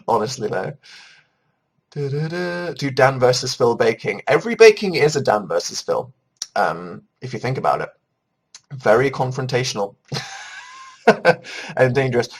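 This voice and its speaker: A man's voice: medium pitch, animated, moderate pace, gravelly, long pauses, husky, rough recording. A man hosting a casual livestream, chatting and reading out viewer comments in a rambling, self-deprecating, jokey way. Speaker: livestream host.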